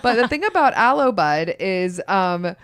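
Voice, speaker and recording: A woman's voice: mid-range voice, big pitch swings, measured pace, fairly bright tone, clear, resonant tone. A young woman co-hosting a podcast in a casual, rambling chat with lots of fillers. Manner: chatty, rambling with many fillers. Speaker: podcast co-host.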